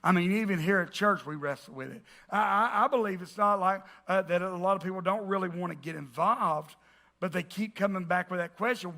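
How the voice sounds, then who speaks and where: High, bright-voiced pastor preaching. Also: male voice, fairly quick, gravelly. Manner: joking with the congregation, bursts of emphatic shouting. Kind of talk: sermon. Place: church sanctuary.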